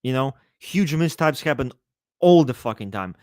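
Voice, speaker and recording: A man chatting casually on a live stream, answering his chat in a profane, rambling, animated way. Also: medium pitch, normal speed, no room sound, studio quality.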